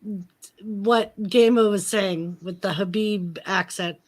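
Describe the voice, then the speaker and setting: A woman's voice: mid-range voice, fairly even intonation, slow pace. A woman co-hosting a casual chat show, teasing her guests and laughing often. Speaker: co-host.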